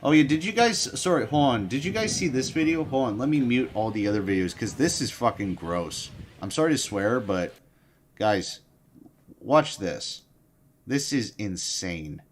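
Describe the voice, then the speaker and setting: A man's voice: mid-range voice, animated, moderate pace, slight background noise. A sleep-deprived young man hosting a casual livestream, swearing heavily and restarting his sentences as he rambles. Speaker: livestream host.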